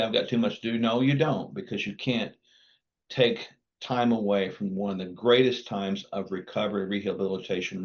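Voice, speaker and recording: Deep-voiced man, firm and emphatic. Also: highs cut off. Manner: emphatic, didactic, firm declarations. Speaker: physician and wellness clinic founder. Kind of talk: podcast guest interview.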